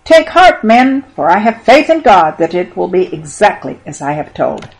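A woman's voice: fairly low pitch, very animated, moderate pace, rough recording. A stirring, courageous apostle, as a woman reads him. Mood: exhorting. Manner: stirring, exhorting. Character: courageous man, an apostle encouraging sailors.

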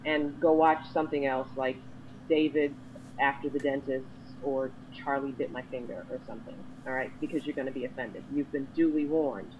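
A woman's voice: fairly even intonation, normal speed, highs cut off, a little hiss or hum. Emphatic woman lecturing to camera. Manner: emphatic, lecturing, pitch jumps high when exasperated. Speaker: vlogger. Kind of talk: to-camera monologue.

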